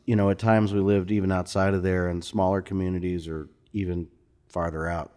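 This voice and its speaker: Male musician guest, from Missouri, low voice, easygoing conversational delivery. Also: little pitch movement, fairly quick, darkish tone. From Missouri, USA. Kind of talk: casual interview conversation. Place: bar lounge.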